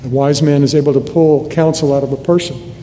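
Older preacher with a mellow voice in a reverberant hall. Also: male voice, fairly even intonation, fairly quick. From United States (Nebraska). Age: 70s. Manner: earnest, conversational preaching with restarts. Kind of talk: sermon. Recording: long hall reverb, faint rumble.

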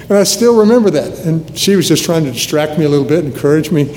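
An older man in his seventies preaches earnestly, his voice mellow and set a little high for a man. The sermon is recorded in a hall with a long, trailing reverb and faint low noise behind it. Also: lively intonation, fast talker, hardly any pauses. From United States (Nebraska). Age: 70s. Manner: earnest, conversational preaching with restarts.

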